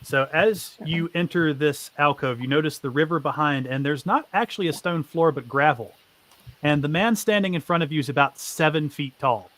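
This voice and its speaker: A man runs a tabletop game as game master, narrating briskly with plenty of fillers. His voice sits a little high and has a sharp, bright edge.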